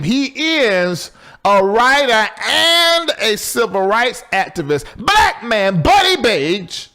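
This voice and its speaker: A middle-aged man, hosting a live call-in talk show in a loose, chatty way, jumping between loud exclaims and low asides. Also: clear, resonant tone. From Southern US.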